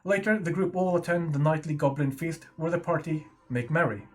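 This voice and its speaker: A man's voice: on the high side, fairly quick, faint music behind. Man narrating a game recap. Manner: steady storytelling read with small self-corrections. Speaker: player reading the session recap.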